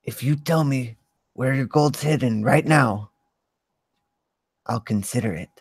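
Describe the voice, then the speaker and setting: A blunt, wary outlaw, played by a man in his own voice. He speaks slowly, with a gravelly edge. The sound is dry and close. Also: medium pitch, no echo.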